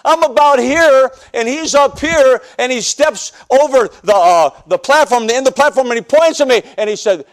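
A pastor from the northern United States preaching a personal testimony sermon, telling his story with animated, joking storytelling that acts out scenes. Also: very high voice, normal speed, hardly any pauses.

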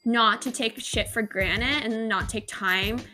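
A woman's voice: on the high side, slow pace, pushed and bright, soft background music. A young woman in casual chat with a longtime friend, speaking sincerely and reflectively, filling her talk with "like" and swearing now and then.

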